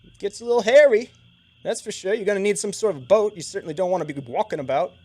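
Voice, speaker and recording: A man voicing a friendly, scruffy human wilderness guide in a tabletop game, with a put-on fantasy accent, loud and easygoing, calling everyone mate. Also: high-pitched, fast talker, husky, pitched above the performer's own voice. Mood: chummy.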